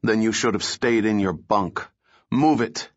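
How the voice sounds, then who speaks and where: A man's voice: lowish voice, unhurried, no echo, highs cut off, lightly acted. A man barking as a hostile soldier guard. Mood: barking, threatening. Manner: harsh, commanding orders. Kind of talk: audiobook reading.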